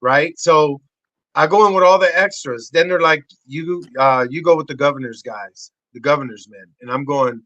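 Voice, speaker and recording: A man in his forties, a podcast guest telling wild stories with swearing and excitable energy. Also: normal speed, dry recording, lo-fi sound. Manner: excitable, swearing, acts out voices in high shouts. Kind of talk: animated storytelling.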